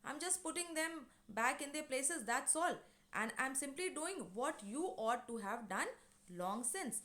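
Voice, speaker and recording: Woman reading a domineering middle-aged mother, firm, clipped, slightly high voice. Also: lively intonation, unhurried, fairly bright tone. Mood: calm.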